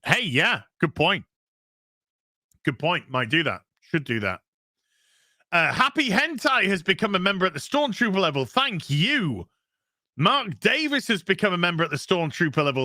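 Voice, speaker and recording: Guy reading donations on his stream, kinda high voice, jokey and crude. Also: big pitch swings, normal speed, bright, forceful tone, dry recording, clean studio sound. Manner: loose, crude and jokey, chatty thanks. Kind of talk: casual live stream chat.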